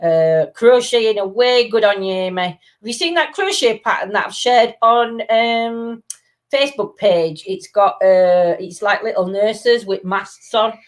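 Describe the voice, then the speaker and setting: A woman's voice: medium pitch, unhurried. A chatty woman, talking casually on a live stream. She laughs often, drops little words and greets viewers by name. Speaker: live stream co-host reading viewer comments. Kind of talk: casual chat.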